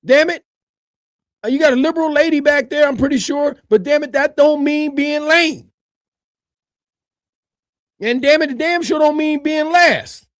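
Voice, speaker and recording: A man giving animated reaction commentary on a video, colloquial, swinging from low mutters to loud high shouts. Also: dry recording.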